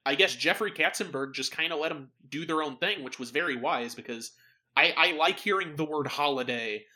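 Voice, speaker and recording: A man's voice: a little high, a little fast, pushed and bright. A man co-hosting a podcast in casual chat, hesitant and full of fillers but enthusiastic. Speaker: podcast co-host.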